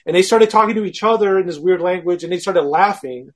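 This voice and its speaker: High breathy-voiced guy, guest telling a story, animated, acts out his own thoughts. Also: fast talker. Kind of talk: casual storytelling.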